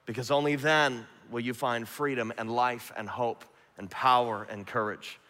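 A man preaching a sermon, earnest, swinging from emphatic to hushed and soft. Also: medium pitch, steady tone, normal speed. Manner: earnest, rising to emphatic then dropping to hushed. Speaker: pastor. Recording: long hall reverb.

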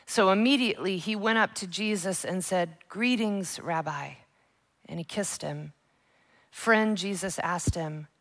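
A woman's voice: mid-range voice, fairly bright tone. Woman, Bible teacher; earnest and emphatic, dramatic scripture reading.

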